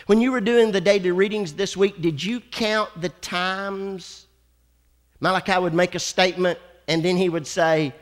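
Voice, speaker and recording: High-voiced preacher in a reverberant church. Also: male voice, steady tone. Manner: dramatic preacher, slows and drawls for emphasis, calls for amens. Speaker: pastor. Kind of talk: sermon. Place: church sanctuary.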